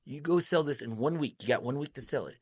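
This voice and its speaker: Animated man telling stories, dry sound. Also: mid-range voice, quick pace, breathy edge, no room sound. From United States. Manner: animated, acts out quoted voices. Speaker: guest. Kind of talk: storytelling interview.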